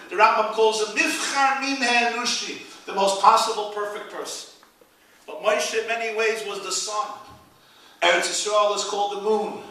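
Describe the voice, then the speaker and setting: High-voiced male rabbi, animated preacher, far off in a reverberant hall. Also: moderate pace. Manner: animated, rising to loud peaks, Yiddish phrases. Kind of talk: inspirational speech with storytelling. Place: event hall. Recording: echoey hall, speaker far from the mic.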